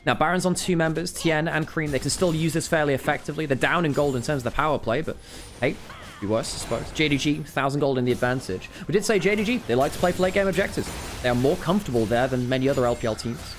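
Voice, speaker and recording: A man in a slightly high register calls a video game match live, with music playing clearly underneath. He is tired from a long week, yet he still gets worked up and exasperated at the players' mistakes, and he stops to apologize to viewers when he slips. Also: fast. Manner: excitable, swings from calm analysis to loud exasperated outbursts; self-correcting, apologetic asides to viewers. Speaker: esports caster. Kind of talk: live play-by-play commentary.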